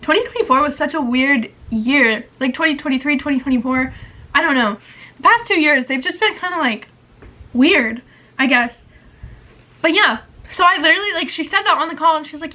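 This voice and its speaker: She has a high, bright, forceful voice with lively intonation and a fairly quick delivery, captured on a rough recording. This twenties vlogger rambles emotionally in a confessional chat, saying "like" over and over.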